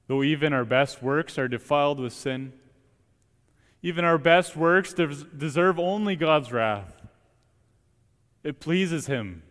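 Young male student preacher, slightly higher voice, earnest and emphatic, long church reverb. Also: expressive, slow pace, pauses often, fairly bright tone. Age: young adult. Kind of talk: sermon. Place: church sanctuary.

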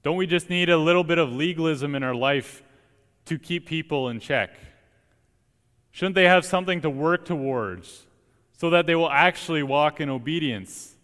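A young man, a student preacher, delivering an earnest, emphatic sermon with deliberate pauses in a church. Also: fairly high pitch, a bit bright. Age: young adult. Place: church sanctuary. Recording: long church reverb.

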